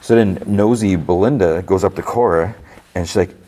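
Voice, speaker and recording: Man, low voice, podcast host, casual episode recap, rambling, lots of fillers. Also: normal speed, dark tone.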